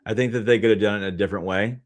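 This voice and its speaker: A man hosting a casual sports betting show, blunt and brisk as he wraps up results. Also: lowish voice, fairly even intonation. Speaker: show host.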